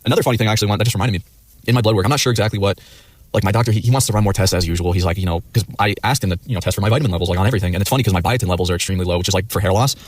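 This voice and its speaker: Fast-talking low-voiced man ranting. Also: no room sound. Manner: rambling, swears a lot, acts out quoted chatbot replies. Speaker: livestreamer. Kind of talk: casual rambling stream chat.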